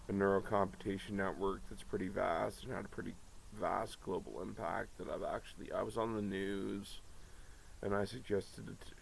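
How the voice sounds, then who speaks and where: A man's voice: low-pitched, gravelly, slight background noise, poor audio. A man talking to his viewers in a rambling monologue, profane and jumping from one topic to the next. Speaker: vlogger.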